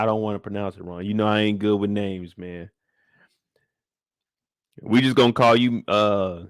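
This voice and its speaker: Loose and slangy, a thirty-something streamer greets his viewers by name during a casual live-stream review chat. His mid-range voice is a bit bright, recorded at studio quality without echo.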